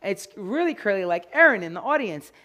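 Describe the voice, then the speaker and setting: A woman giving an animated live demo talk to groomers, telling stories and acting out quotes. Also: mid-range voice, brisk. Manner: animated, storytelling, acts out quotes. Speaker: grooming educator. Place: event hall with live audience.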